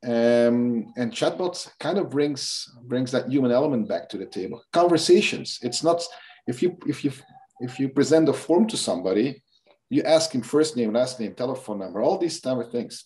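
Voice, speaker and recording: Brief: male guest expert, warm mellow tone, conversational, restarts often. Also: medium pitch. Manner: animated explaining, frequent restarts and "kind of". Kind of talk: interview conversation.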